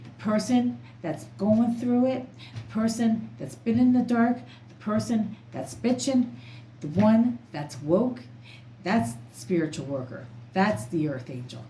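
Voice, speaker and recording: A woman's voice: fairly high pitch, animated, a little slow, warm tone. A woman tarot reader talking casually to camera in an emphatic, rambling, outspoken way. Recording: echoey room, faint background noise.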